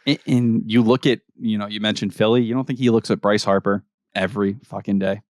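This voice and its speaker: A man co-hosting a podcast, talking sports in casual, profane, animated chat. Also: on the low side, dry recording, studio quality. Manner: animated, profane, rapid-fire opinions. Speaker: podcast co-host.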